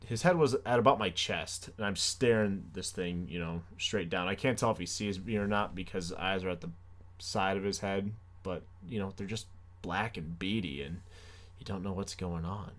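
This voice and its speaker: A man's voice: deep voice, normal speed, fairly bright tone. A young man hosting a comedy podcast, telling a story animatedly with self-mocking sarcasm. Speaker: podcast host. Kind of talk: comic storytelling.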